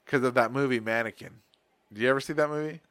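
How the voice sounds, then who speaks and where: A man's voice: mid-range voice, fast talker, a bit bright, no echo. Rambling foul-mouthed podcast guy. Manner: rambling, profane, slangy storytelling. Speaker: podcast host. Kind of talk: casual chat.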